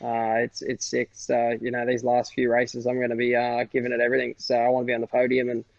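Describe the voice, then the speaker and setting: Gravelly young Australian man, easygoing. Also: mid-range voice, fast, no echo, dull audio. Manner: relaxed, easygoing, says "eh" and "sick" a lot. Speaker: guest, motocross racer. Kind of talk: casual chat.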